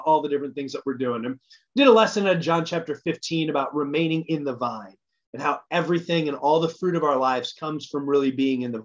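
A man preaching a casual midweek sermon as a minister, telling stories in an animated, joking way. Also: a little high. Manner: casual, animated storytelling with jokes. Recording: slightly dull lo-fi sound.

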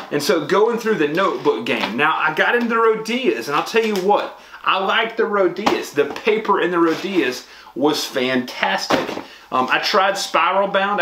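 Slightly high-voiced guy rambling to camera, lots of ums, echoey room w/ background noise. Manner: chatty, rambling with many restarts and ums. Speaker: pastor and vlogger. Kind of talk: casual talk to camera.

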